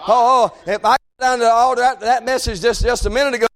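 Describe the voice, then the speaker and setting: A man delivers a fervent sermon in a very high voice. He moves between shouted pleading and low, quiet talk. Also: fairly even intonation, quick pace. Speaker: preacher.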